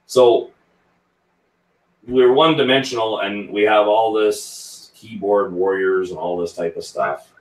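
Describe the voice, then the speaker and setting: Low-voiced man chatting on a live stream. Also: takes it slowly, far from the mic. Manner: chatty, reads out viewer comments. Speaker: whisky channel host. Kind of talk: casual live-stream chat. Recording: roomy sound, set back from the mic.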